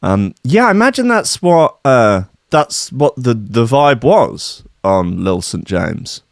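A sardonic man riffs through the news in a rambling, sweary comic rant. His pitch swings widely and his voice sounds close and dry. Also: big pitch swings, takes it slowly, gravelly, no room sound. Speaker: podcast host.

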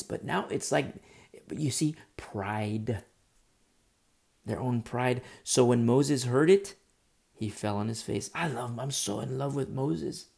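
A man's voice: mid-range voice, gravelly, a little mellow. A male preacher delivering a sermon with earnest storytelling, often restarting his phrases.

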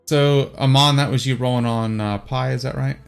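A man with a Southern US accent runs a tabletop game in a laid-back, unhurried way, pausing often as he narrates. His voice sits in a middle range, with faint music playing behind him. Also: mid-range voice, creaky. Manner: relaxed and easygoing, full of "uh" and "um" pauses. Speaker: game master.

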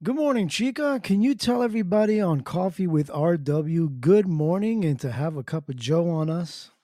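A man's voice: fairly high pitch, lively intonation, normal speed. A man hosting a casual morning podcast in a laid-back, jokey way, greeting his listeners by name. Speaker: podcast host.

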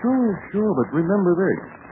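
An actor playing a smooth, flattering young adventurer in a 1940s radio drama. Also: male voice, high voice, normal speed. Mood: coaxing. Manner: coaxing, flattering. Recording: tinny scratchy 1940s radio broadcast.

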